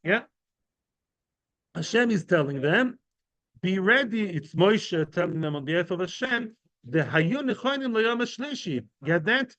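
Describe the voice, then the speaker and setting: A man's voice: high-pitched, lively intonation, moderate pace, fairly bright tone, dry recording. A man giving an informal Talmud lesson to a class of men, explaining each term with everyday examples and often checking in with "right?" and "yeah?". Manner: conversational, often asks the listeners "right?" and "yeah?". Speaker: Talmud teacher.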